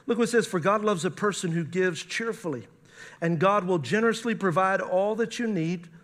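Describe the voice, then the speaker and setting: Pastor, male, higher register, emphatic sermon delivery with scripture readings. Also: moderate pace, fairly bright tone. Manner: preaching with emphatic rises, reads scripture aloud.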